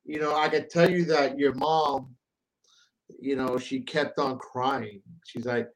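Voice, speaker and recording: A man hosting a casual interview, chatty and animated, often repeating words as he goes. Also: medium pitch, moderate pace, low-quality recording. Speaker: host.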